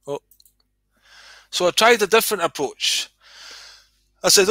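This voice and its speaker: A man's voice: high voice, lively intonation, a little slow, long pauses, sharp tone, no echo. A man telling a comic story and chatting, sweary and rambling. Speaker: host reading his own comedy skit.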